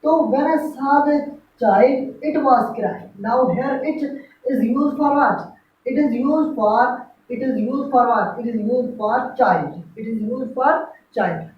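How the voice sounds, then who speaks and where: A woman's voice: on the high side, takes it slowly, slight background noise. A woman teaching grammar in a lecture, repeating each example and checking with "right?". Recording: echoey room from far, dull lo-fi.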